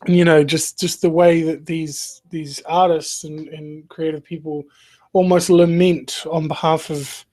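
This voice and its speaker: A man hosting a podcast, talking through a reflective monologue in an earnest, halting way, with frequent restarts and soft laughs. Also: fairly high pitch, flat delivery. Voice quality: emotional, earnest. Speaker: podcast host.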